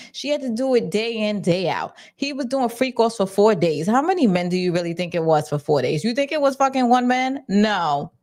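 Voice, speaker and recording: A woman's voice: lowish voice, darkish tone. A woman hosting a casual livestream, talking bluntly with plenty of swearing and restarting her sentences as she goes. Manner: blunt and profane, with frequent restarts. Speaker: host.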